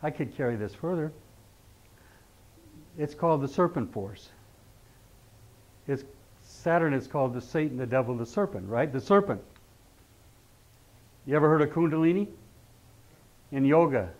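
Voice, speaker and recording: A man's voice: fairly high pitch, expressive, moderate pace, pauses often, a little mellow. A middle-aged man teaching an astrology class, talking conversationally and often putting rhetorical questions to his students. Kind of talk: lecturing a class. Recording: dull lo-fi recording.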